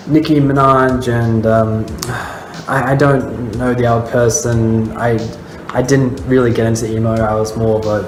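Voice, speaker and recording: An Australian man reviewing viewer memes in casual, rambling commentary full of fillers. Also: medium pitch. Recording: roomy with faint music.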